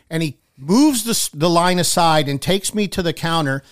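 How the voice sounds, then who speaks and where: A man co-hosting a radio talk show, telling a wry, animated story in casual chat. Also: a little high, fairly quick, hardly any pauses.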